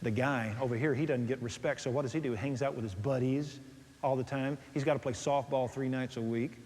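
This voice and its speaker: A man preaching a sermon, animated, swinging between soft and loud as he tells stories. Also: medium pitch, brisk. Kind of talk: sermon on dating and marriage. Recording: long hall reverb.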